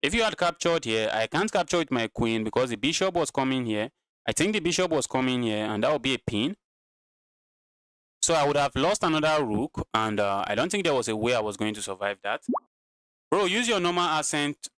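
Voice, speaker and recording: Talking to his chat while playing live chess, this streamer narrates his games and keeps repeating phrases, sounding worn out. His mid-range voice is animated, fairly quick, a bit bright, clear, and resonant, with no echo.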